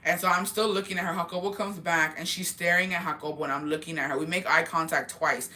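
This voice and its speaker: Bright-voiced woman spilling heated gossip. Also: fairly low pitch, steady tone. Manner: profane, heated, rapid retelling. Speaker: vlogger telling a story. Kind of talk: casual gossip storytelling.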